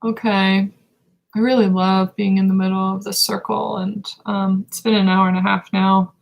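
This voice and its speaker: A woman gives a live spiritual reading in a gravelly, fry-laden voice. She talks slowly and meditatively, and her pitch stays level and even. She halts often and reaches for words between pauses. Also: lo-fi sound. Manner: slow, meditative, halting with pauses and fillers. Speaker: intuitive reader.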